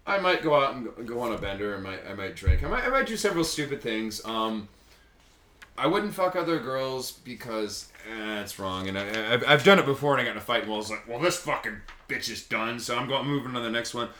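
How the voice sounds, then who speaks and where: A man's voice: medium pitch, expressive, a little fast, bright, forceful tone. Rambling crude-talking man in echoey room. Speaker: podcast co-host. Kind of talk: casual chat, storytelling.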